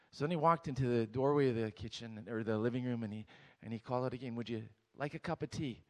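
A man's voice: medium pitch, quick pace, creaky, darkish tone. A man from Romania preaching a sermon to a church, telling a humorous story and leading the congregation in prayer. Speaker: guest preacher.

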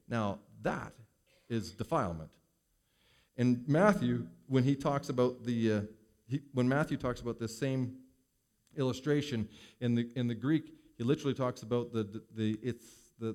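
Expressive male pastor preaching. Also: mid-range voice. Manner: expressive, swings between loud emphasis and hushed asides. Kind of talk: sermon.

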